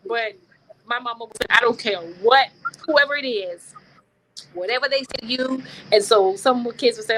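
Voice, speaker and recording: A woman hosting a talk show, telling personal stories in an animated, preacher-like way. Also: fairly high pitch, moderate pace, a little hiss or hum, low-quality recording. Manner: animated storytelling, preacher-like affirmations. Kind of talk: casual conversation.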